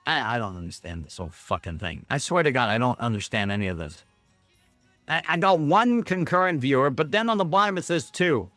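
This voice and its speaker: A man's voice: medium pitch, animated, fairly quick, sharp tone, no echo, faint music behind. A man hosting a rambling livestream from Canada, talking to his chat in a sarcastic, self-mocking way with plenty of swearing. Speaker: livestream host.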